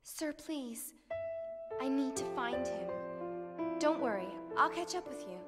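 A woman's voice: sits high, animated, unhurried, loud music behind the voice. An actress voicing a young female rookie police medic in a game cutscene, urgent and pleading.

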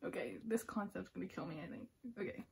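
A woman filming an excited unboxing vlog, giddy and gushing, often dropping to a hushed whisper. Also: on the low side, quick pace, gravelly, heavy background noise. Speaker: K-pop fan vlogger.

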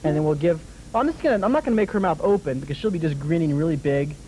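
A man's voice: a little high, expressive, fast, warm tone, slight background noise, low-quality recording. A man hosting a children's drawing lesson, talking his young viewers through each step with patient, encouraging questions and frequent chuckles. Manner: chuckles often while drawing.

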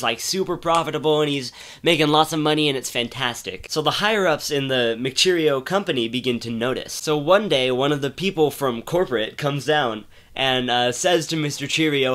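Rambling man telling a silly story. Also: on the high side. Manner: rambling, many fillers and restarts, deadpan build-ups. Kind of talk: casual comic storytelling.

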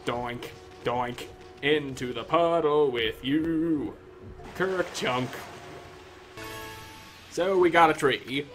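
A man's voice: a little high, extremely slow, pauses often, fairly bright tone, faint music behind. A man giving casual, sarcastic commentary while playing through a video game. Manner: sarcastic, joking asides. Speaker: gamer commentator.

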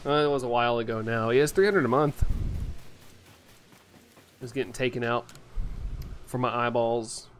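A man's voice: medium pitch, normal speed, pauses often, a little hiss or hum. A young man chatting casually as a game streamer, rambling with lots of fillers and often laughing. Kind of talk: casual chat while playing, reading chat.

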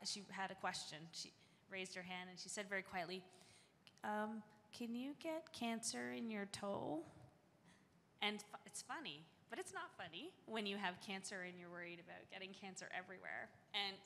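A woman's voice: medium pitch, bright, forceful tone. A woman moderating a panel in a chatty, conversational way, telling stories with lots of fillers. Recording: echoey hall with faint noise.

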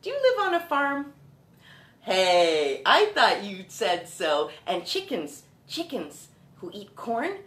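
A woman hosting a live children's singalong show, talking slowly and in a sing-song way to small children. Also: mid-range voice, wildly swooping pitch. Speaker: children's music host. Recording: echoey room with loud guitar.

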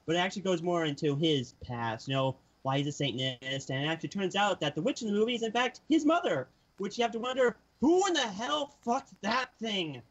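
High-voiced man joking crudely. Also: animated, fast, hardly any pauses, muffled recording. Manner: crude joking, laughs while talking. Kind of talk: casual chat.

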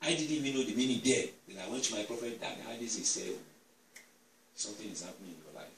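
A man preaching a sermon as an apostle, telling stories that build into shouted declarations, in a church hall. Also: fairly low pitch, fast, a little hiss or hum. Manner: storytelling that swells into shouted declarations. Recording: echoey church hall, distant mic.

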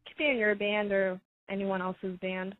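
A woman co-host reading out listener questions at an unhurried pace. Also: medium pitch, level tone, dry recording. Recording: dry tinny phone line.

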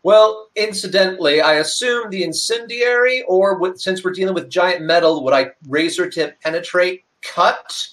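A man's voice: high voice, moderate pace, few pauses, a bit bright. A man playing an archer in a tabletop game, talking thoughtfully and asking questions. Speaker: player. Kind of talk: casual tabletop play.

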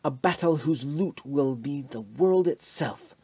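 A man's voice: on the high side, expressive, unhurried, warm tone, slightly rough, no echo, full character voice. A man reading the part of a fanatical young Nazi officer in an audiobook, in a fervent, pressing voice.

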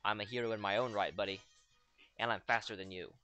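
A man's voice: on the low side, fairly even intonation, quick pace, pushed and bright, faint music behind. A young man giving casual, joking commentary over his own gameplay, full of sarcastic asides. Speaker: let's play host.

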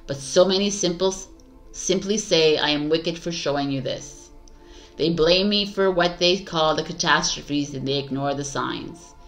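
A woman reading aloud the words of a calm female witch from a tarot deck, solemn and measured. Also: sits low, faint music behind.

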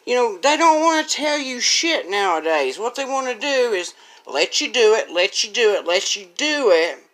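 A woman's voice: a little high, sing-song, moderate pace, a bit bright. A woman ranting as an online commentator, crude and profane, rambling with frequent restarts. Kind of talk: angry rant.

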